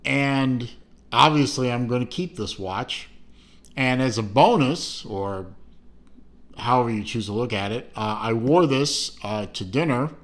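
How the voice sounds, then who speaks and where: A man's voice: medium pitch, unhurried. A middle-aged man giving a casual watch unboxing review, rambling with fillers and self-corrections and dropping dry, self-mocking asides.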